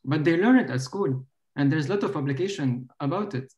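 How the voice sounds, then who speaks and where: A man hosting a casual panel discussion over a video call, thinking aloud with lots of halting restarts. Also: a little high, animated, a little mellow, muffled recording. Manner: hesitant, many restarts, laughs easily. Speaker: panel host.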